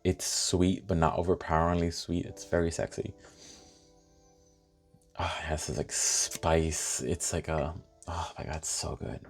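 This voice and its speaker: A man chatting casually while unboxing and reviewing fragrances, animated and thinking aloud with lots of fillers. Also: extremely low pitch, unhurried, creaky, faint music behind.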